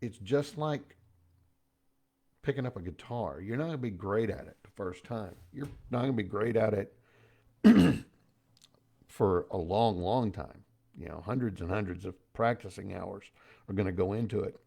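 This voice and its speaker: A man's voice: fairly low pitch, moderate pace, vocal fry, pauses often, dark tone. A middle-aged man giving a casual motivational talk as host, chatty and folksy, with pop-culture asides.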